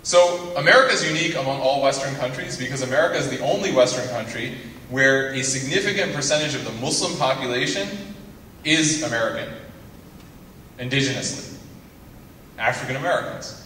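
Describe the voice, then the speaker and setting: Speaking slightly fast in a bright, forceful, mid-range voice, a young guest lecturer keeps his student audience entertained with jokes and teasing asides. It's recorded from a distance in an echoing lecture hall, with faint noise.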